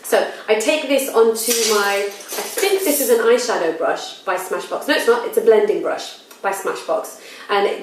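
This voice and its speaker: A woman's voice: medium pitch, far from the mic. A woman talking through her everyday makeup routine in a casual, frank, self-deprecating voice-over. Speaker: beauty vlogger. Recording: very echoey room, mic set back.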